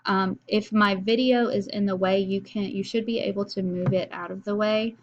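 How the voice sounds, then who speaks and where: A woman's voice: mid-range voice, fairly even intonation, moderate pace, lo-fi sound, a little hiss or hum. Woman teacher explaining casually. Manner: casual and explanatory, with frequent fillers. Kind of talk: recorded video lesson.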